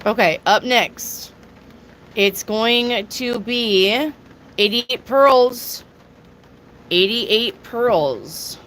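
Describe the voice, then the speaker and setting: A woman's voice: on the high side, drawn-out words, pauses often, fairly bright tone, a little hiss or hum. A woman giving a casual live tarot reading to viewers, chatty and jokey with crude asides. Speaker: tarot reader.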